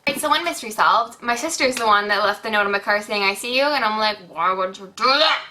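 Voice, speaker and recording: A woman's voice: medium pitch, fast, a little hiss or hum. A young woman telling a rambling story on her vlog, acting out what people said, with lots of fillers. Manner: rambling, animated retelling with many fillers and acted-out quotes. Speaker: beauty vlogger.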